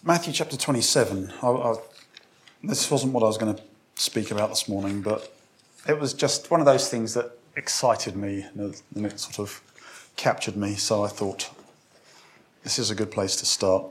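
A man with a lowish voice preaches a sermon at a moderate pace. He speaks conversationally to the congregation, restarting sentences and putting direct questions to them, and reads scripture aloud with emphasis.

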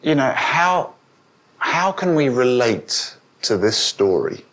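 With big pitch swings and a somewhat bright tone, a man delivers a slow sermon to his congregation. He questions them directly and gets higher and louder when quoting.

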